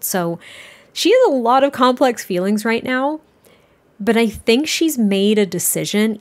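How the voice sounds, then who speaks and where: A woman casually narrating a life-sim story, chatty and filling her talk with "like" and "you know". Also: medium pitch. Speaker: Sims storyteller YouTuber.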